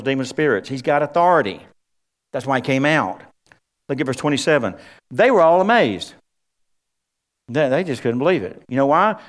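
Animated preacher man, folksy. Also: a little high. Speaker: pastor. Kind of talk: sermon.

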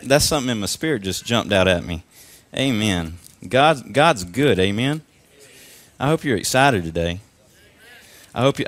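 A man in his twenties preaching a sermon in church, peppering his lines with amens and swinging from quiet asides to loud, rising exhortation. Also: mid-range voice, no echo. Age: 20s. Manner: punctuates lines with frequent amens and praise God. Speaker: young preacher. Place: church service.

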